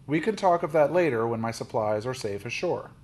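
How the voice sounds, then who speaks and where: A man voicing a blunt, bargaining Russian sea captain in a storybook, speaking slowly and brusquely. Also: mid-range voice, lively intonation, darkish tone, natural voice.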